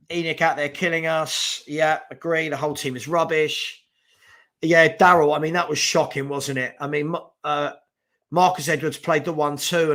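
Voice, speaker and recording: A man's voice: a little high, a bit bright. A man hosting a live fan watch-along of a football match, chatting casually, exasperated and swearing about his team.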